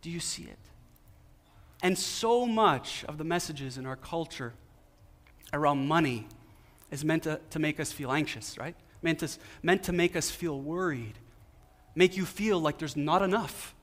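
A man's voice: a little high, a little slow, fairly bright tone. Man preaching in a reverberant hall. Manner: asks the audience questions, repeats key phrases for emphasis. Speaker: pastor. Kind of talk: sermon.

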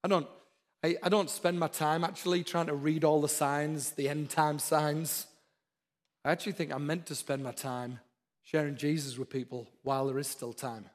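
A man's voice: a little high, steady tone, moderate pace. A man preaching a sermon, with earnest, repeated exhortations. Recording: long hall reverb.

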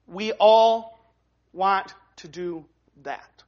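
High-voiced man preaching conversationally. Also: moderate pace, fairly bright tone, dull audio. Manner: conversational preaching with frequent restarts and "right?" tags. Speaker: pastor. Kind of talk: sermon.

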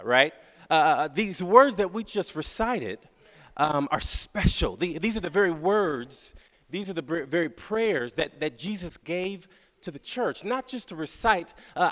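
A man with a fairly high voice preaches to a crowd in a large hall, and his words ring out with a long reverb. He circles back over his phrases again and again and keeps checking in with "right?", and he draws the prayer out slowly. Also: a bit bright. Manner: slow, drawn-out prayer recitation. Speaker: guest speaker. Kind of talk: sermon.

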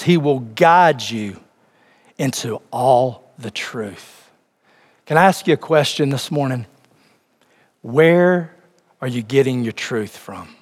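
A man preaching a sermon, reading scripture and speaking directly to the congregation with rising emphasis. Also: mid-range voice. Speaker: pastor. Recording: long hall reverb.

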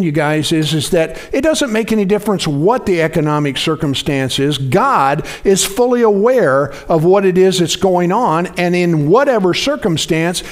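A man in his sixties preaching a conversational sermon, often restarting phrases and asking the congregation questions. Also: sits high. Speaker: pastor.

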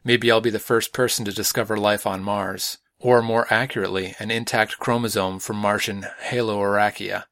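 A man reading an audiobook, voicing an impatient, sharp-tongued female scientist on Mars with curt, clipped retorts. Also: fairly low pitch, steady tone, normal speed, few pauses, dry recording, clean studio sound. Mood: curt, anxious. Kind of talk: audiobook character voice.

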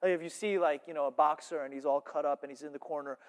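A male pastor preaching a sermon, animated, swinging between loud emphasis and hushed asides. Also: a little high, fast. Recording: reverberant church hall.

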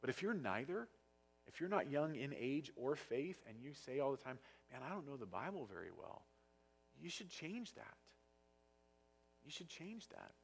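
A man preaching a sermon as pastor, passionate and sometimes loud, with a husky voice. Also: fairly high pitch. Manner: passionate, gets loud at times. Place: church sanctuary.

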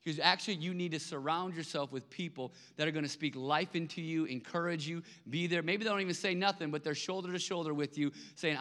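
Preaching in a large church hall with long reverb, this pastor talks quickly with few pauses, his fairly high voice a bit bright. His sermon is conversational, and he repeats words when driving a point home.

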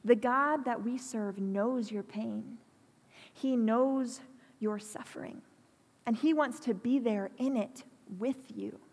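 A woman preaching a sermon in a church, earnest and pastoral, speaking slowly and deliberately. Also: a little high, darkish tone, slightly rough. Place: church hall. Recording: long hall reverb.

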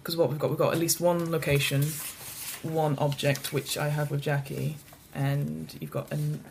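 Woman, lowish voice, casually explaining game rules, faint hiss behind. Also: flat delivery, normal speed, creaky, a little mellow. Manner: explaining with many restarts. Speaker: game organiser. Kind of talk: casual tabletop game chat.

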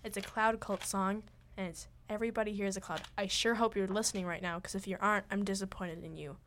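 A woman's voice: mid-range voice, fairly even intonation, fast talker. A teenage girl co-hosts a radio show from a studio, chatting loosely and giggling between thoughts. She rambles through many fillers and restarts. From Minnesota. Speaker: co-host. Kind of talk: casual radio chat.

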